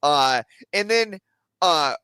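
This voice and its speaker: A man with a fairly high voice vents about a debate, stumbling over his words and swearing as he gets worked up. The sound is dry and close. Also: slow, clear, resonant tone, no echo. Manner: excitable, swears, stammers when worked up. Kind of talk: casual chat.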